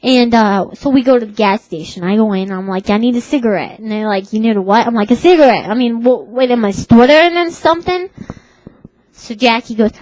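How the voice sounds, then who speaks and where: Woman, Brooklyn accent, young, comic monologue, tough-talking, slangy, rambling, fairly high voice. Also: brisk, darkish tone, no echo, poor audio. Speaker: comedic vlogger. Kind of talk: comedic character monologue.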